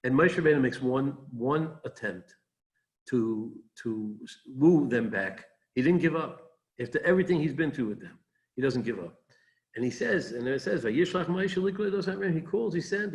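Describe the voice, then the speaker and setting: A man, a rabbi, giving a Torah talk, animated and rising sharply when quoting mockery, with frequent restarts and repeated words. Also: a little high, fairly quick, creaky.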